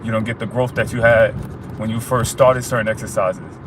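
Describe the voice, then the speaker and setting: A man's voice: on the low side, steady tone, a little fast, background noise. A man livestreaming a casual motivational talk, streetwise and direct, often tagging lines with "you heard?". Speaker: fitness streamer.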